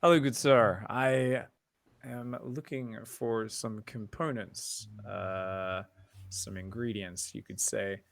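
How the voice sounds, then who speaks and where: A man playing a young, excitable wizard who speaks in a stiff, polite, measured way. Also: on the low side, vocal fry.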